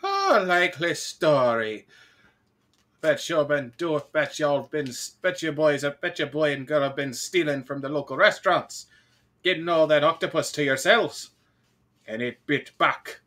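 A man's voice: a little high, sing-song, unhurried, a bit bright. A man putting on a bad Irish cop. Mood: mock scolding. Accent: Irish, put on poorly. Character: stern mock Irish cop man, scolding.

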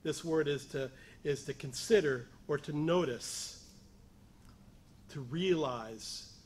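A man's voice: a little high, takes it slowly, a little mellow, a little hiss or hum. Man preaching, rising to emphatic peaks. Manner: rising to emphatic, raised voice on key points; pleading as he voices the lepers' cry. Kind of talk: sermon.

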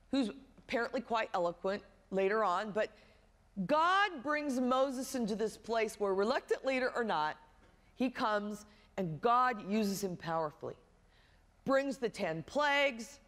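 A woman's voice: fairly high pitch, a bit bright, long reverb tail. A woman pastor preaching a sermon, telling a story with humorous asides.

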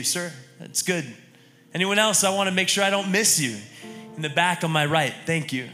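Pastor, male, high and bright voice, leads a congregation in call-and-response, soft music under him. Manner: leads a call-and-response prayer, building to shouting. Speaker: lead pastor. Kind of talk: altar call and congregational declaration. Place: church sanctuary with a live congregation.

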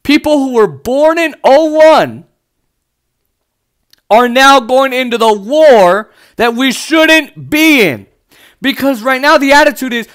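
A man's voice: extremely high pitch, sing-song, slow, a bit bright. A man from the United States giving heated, sarcastic political commentary, swearing often as he rants.

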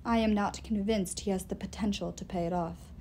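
A woman's voice: mid-range voice, fairly even intonation, fairly quick, a little mellow, a little hiss or hum, natural voice. A woman voicing a bitter, stern old male elf father who talks in a cold, scolding way. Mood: stern, scornful.

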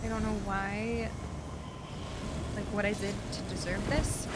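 A woman's voice: medium pitch, little pitch movement, unhurried, pauses often, very noisy. A young woman streaming a game live, talking to her chat, frustrated and swearing. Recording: music playing loudly behind.

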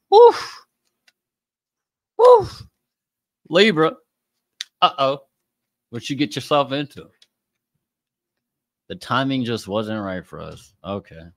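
A man's voice: low voice, dry recording. A man doing a casual tarot reading by zodiac sign, talking in a slangy, profane, joking way. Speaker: tarot reader.

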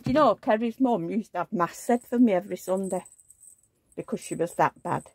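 Older woman, gravelly chat. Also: mid-range voice, a little fast, darkish tone, dry recording. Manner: rambling, chatty storytelling with asides. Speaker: vlogger. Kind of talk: casual chat.

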